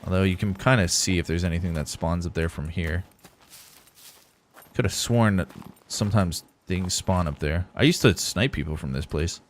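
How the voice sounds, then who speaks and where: A young man streaming a survival game live, rambling easily to his viewers between bits of play. His voice sits low for a man, and he talks in a loose, conversational way. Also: moderate pace, slight background noise. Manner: casual, rambling, talks to chat while playing. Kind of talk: live gameplay commentary.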